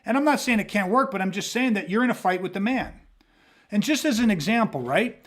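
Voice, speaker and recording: Male podcast host, high voice, blunt and profane, emphatic teacher. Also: expressive, fairly quick. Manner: blunt, emphatic, heavy swearing, acts out scenarios. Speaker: self-defense instructor hosting a podcast. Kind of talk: casual podcast talk.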